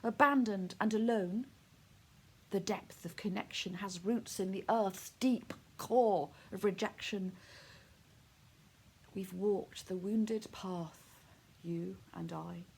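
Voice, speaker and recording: A woman reads her poem aloud very slowly, her delivery soft and hushed. She sounds heartfelt and grieving throughout. Her voice sits at an ordinary middle pitch. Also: creaky, slightly rough. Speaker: poet. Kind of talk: poetry recitation.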